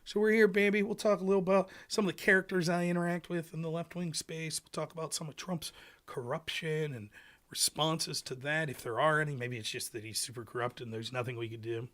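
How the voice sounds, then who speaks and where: A man from rural Pennsylvania hosting a political livestream, sarcastic and animated, rambling through his commentary. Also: a little high, fairly quick. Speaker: livestream host.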